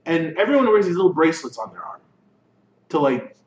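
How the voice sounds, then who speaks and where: Man, podcast co-host, casual recap, higher-pitched voice, distant, dull lo-fi recording. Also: big pitch swings. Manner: casual, acts out characters' lines in quick asides. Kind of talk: casual chat recapping an anime. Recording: echoey, distant, dull lo-fi room mic with faint noise.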